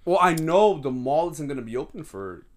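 A young man co-hosting a casual podcast chat, laid-back and agreeable, often answering with a quick yeah and some swearing. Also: fairly high pitch, big pitch swings. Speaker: podcast co-host.

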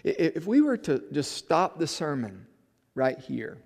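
A man preaching a sermon, moving between soft passages and loud emphatic build-ups. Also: on the high side, huge pitch swings, measured pace, gravelly, long reverb tail. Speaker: pastor.

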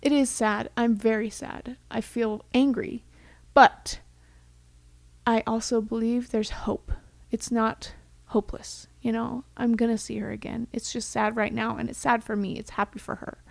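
Gravelly young woman, heartfelt chat. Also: fairly high pitch, level tone, unhurried, no echo. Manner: heartfelt, reflective, drops to a whisper for quoted thoughts. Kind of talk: casual chat.

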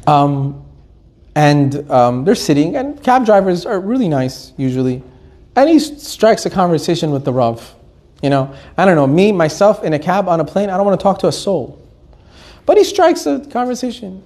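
A man giving an animated Torah lesson, joking, laughing often and telling stories with Hebrew terms mixed in. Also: high voice, moderate pace. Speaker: Torah teacher.

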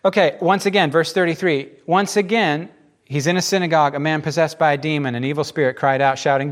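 A man giving informal, emphatic Bible teaching in a lively, conversational way. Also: a little high, brisk.

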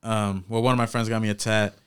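Laughing man in his twenties, smooth voice. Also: fairly low pitch, fast. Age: 20s. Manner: laughs often, swears, animated storytelling. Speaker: podcast co-host. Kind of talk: casual chat.

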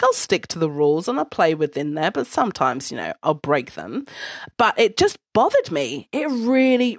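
A woman telling a personal story in a casual, blunt monologue. She swears freely and speaks with an animated delivery. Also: lowish voice, no room sound, studio quality.

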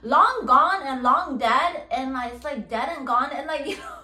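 A young woman with a high-pitched, bright voice and forceful tone hosts a podcast at a moderate pace, venting in a rambling, casual way. Exasperated, she swears, leans heavily on "like" and "okay," and repeats herself for emphasis, sounding distant from the mic in a roomy, echoey space.

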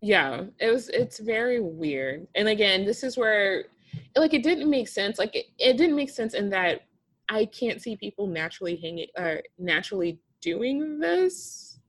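A woman chatting casually, recapping a reality show as co-host, animated and laughing often. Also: mid-range voice, a little slow.

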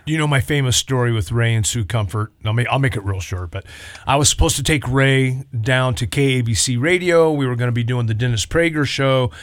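A man who is a pastor, chatting casually and telling a story with lively acted-out quotes, on a close mic. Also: mid-range voice, brisk, no room sound. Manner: animated storyteller, acts out quotes. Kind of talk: casual chat.

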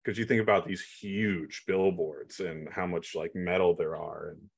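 A young man with a very low voice chats on a podcast in a relaxed, easygoing way. He scatters "dude" and "like" through his talk. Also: moderate pace, creaky, slightly rough. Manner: laid-back, uses "dude" and "like". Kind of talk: casual podcast chat.

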